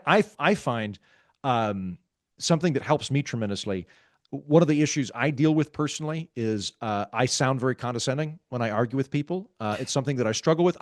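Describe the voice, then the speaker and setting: A man, a guest author in a podcast interview, explaining ideas in a wry, self-aware, calm and measured way. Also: medium pitch, dry recording, clean studio sound. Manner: talks calmly, measured.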